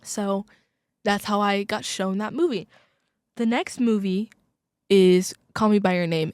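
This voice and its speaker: A young woman hosting a college radio podcast, chatting casually and gushing about movies with lots of fillers and quick asides. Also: mid-range voice, no room sound, studio quality. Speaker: podcast host. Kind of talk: casual chat.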